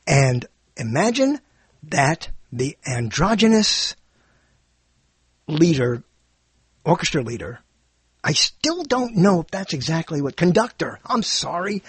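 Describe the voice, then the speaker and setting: A man giving a rambling spoken monologue, animated and digressive, often correcting himself mid-sentence. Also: on the high side, breathy edge, no echo. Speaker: monologue speaker.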